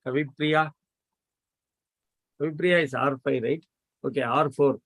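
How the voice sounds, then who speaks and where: A man teaching an online math lecture, prodding students to answer quickly. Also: on the high side, steady tone, a bit bright, no echo. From India.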